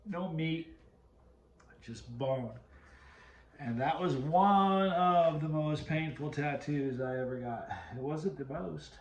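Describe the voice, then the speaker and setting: A man's voice: fairly high pitch, takes it slowly, roomy sound, dull audio. A man hosting his video channel, telling a rambling story to the camera and cutting himself off mid-sentence. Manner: rambling, self-interrupting storyteller. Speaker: video host.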